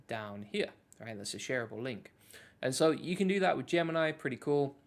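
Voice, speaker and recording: A man hosting a casual live walkthrough of an app, talking loosely with lots of fillers and restarts. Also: medium pitch. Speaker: host.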